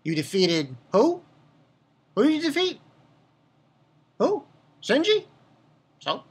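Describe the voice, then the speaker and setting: Casual: woman playing arrogant fighter guy, mocking and taunting, husky, swings up high. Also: huge pitch swings, slow pace, heavily acted. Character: cocky taunting young man warrior, arrogant.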